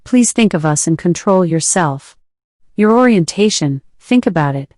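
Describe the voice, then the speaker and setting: A woman's voice: fairly low pitch, expressive, normal speed, a little mellow, dry recording, studio quality, natural voice. A woman reading as a pushy, coaxing older sister. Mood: pleading. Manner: insistent, coaxing.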